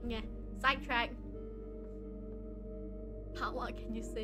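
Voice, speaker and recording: A woman's voice: very high voice, very animated, takes it slowly, long pauses, over music. A young woman with a Malaysian English accent, chatting casually on a live stream and giggling between sentences.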